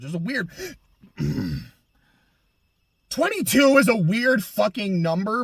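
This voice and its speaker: A man's voice: high-pitched, a bit bright, dry recording. A man giving casual, profane and sarcastic video essay commentary as an anime reviewer.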